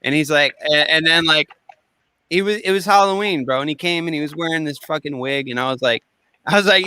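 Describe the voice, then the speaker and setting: A man chatting casually as a podcast guest, telling animated stories with swearing and quick impressions of his friends. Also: fairly high pitch, smooth, no room sound. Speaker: guest recording artist.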